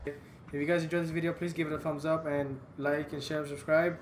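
A man's voice: fairly high pitch, level tone, brisk. A man giving gameplay commentary, frustrated and swearing constantly. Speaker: gamer. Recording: roomy with loud background noise.

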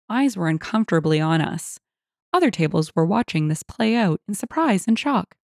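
A woman reading out a story as scripted narration, expressive in tone. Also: fairly low pitch, normal speed, no echo, clean studio sound.

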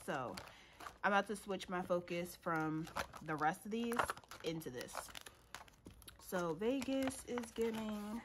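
A woman's voice: medium pitch, slow pace, pauses often, noisy background. A woman, chatting casually to viewers as she counts cash into envelopes, laughing often and calling them y'all. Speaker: budgeting vlogger. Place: home room at a table.

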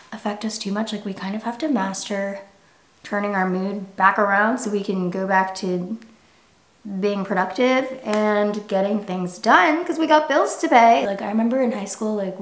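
A woman's voice: mid-range voice, reverberant. A young woman in her twenties vlogging in casual, frank chat to camera, with lots of "like". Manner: chatty, frank, says "like" often.

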